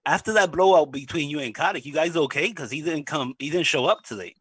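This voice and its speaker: A man's voice: fairly high pitch, quick pace, a bit bright, husky, dry recording. A man with a New York accent, co-hosting and teasing playfully in casual talk.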